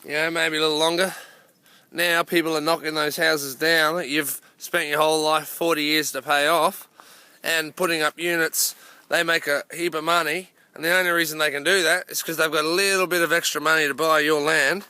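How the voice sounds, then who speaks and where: A man's voice: fairly high pitch, little pitch movement, a little fast, pushed and bright, smooth. An Australian man giving a blunt, passionate rant to camera outdoors, calling everyone "mate". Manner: blunt, repeats "mate" constantly. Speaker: activist vlogger. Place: outdoors near a coal mine.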